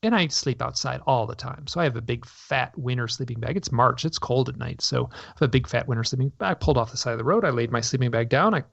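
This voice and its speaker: A man's voice: medium pitch, quick pace, vocal fry, few pauses, dry recording. A man telling his story in an interview, rambling and restarting his sentences as he talks. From North America. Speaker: guest. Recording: dull lo-fi radio audio.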